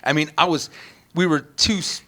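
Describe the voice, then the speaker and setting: A man's voice: on the high side, normal speed, bright, forceful tone. A man hosting a podcast, chatting about sports in a casual, profane way, telling rambling stories full of restarts and rising emphasis.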